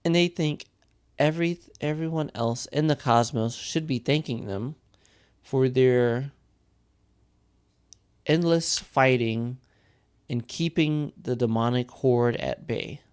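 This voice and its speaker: A man acting as game master, explaining game lore in a slow, deliberate way. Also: medium pitch, smooth.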